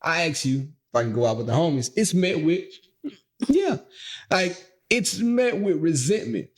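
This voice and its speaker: Animated, lively-pitched man co-hosting. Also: moderate pace. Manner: playful, animated storytelling with frequent laughs; addresses listeners directly. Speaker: podcast co-host. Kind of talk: casual chat.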